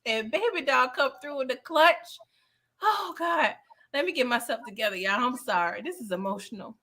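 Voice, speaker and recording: A woman's voice: high voice, moderate pace. A woman hosting a live movie review chat, retelling scenes with emphatic delivery, acting out the characters' lines and laughing often. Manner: animated, emphatic storyteller who acts out the characters' lines. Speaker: channel host.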